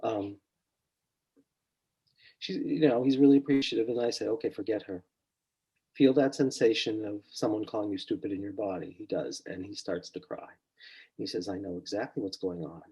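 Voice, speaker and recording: A middle-aged man, a psychotherapist, relaxed and storytelling in a podcast interview, quietly acting out his clients' words. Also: on the low side, normal speed, pauses often, breathy edge, poor audio. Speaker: psychotherapist guest.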